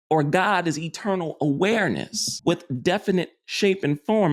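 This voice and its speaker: A man teaching metaphysics in a loose, rambling lecture, often restarting and tagging on "you see.". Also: high-pitched. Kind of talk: informal spiritual lecture.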